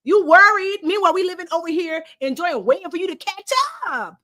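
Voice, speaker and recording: A woman's voice: very high-pitched, brisk, bright, forceful tone, voice pushed up. A woman voicing her confident future self, who is sassy and exasperated at her past self.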